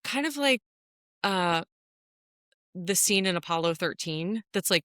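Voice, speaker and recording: A woman co-hosting a casual podcast, talking in an animated, playful way and laughing easily. Her voice is bright and forward, recorded close and dry. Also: fairly low pitch, unhurried, long pauses, no room sound. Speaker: podcast co-host. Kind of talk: casual chat.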